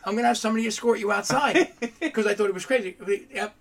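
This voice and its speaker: A man with a slightly higher voice tells shop stories in a loose, animated way, switching into the voices of the people he quotes. He talks casually with friends on a podcast. A faint hiss sits under his voice. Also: fast talker, gravelly. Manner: animated storyteller, acts out dialogue. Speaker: body shop owner.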